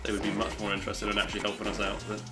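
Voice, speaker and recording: A man's voice: lowish voice, monotone, very fast. A man chatting casually on a live stream while speedrunning a game, rambling, mocking himself and swearing now and then. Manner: rambling and self-mocking, swearing and reacting to chat. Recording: gameplay audio with loud music behind.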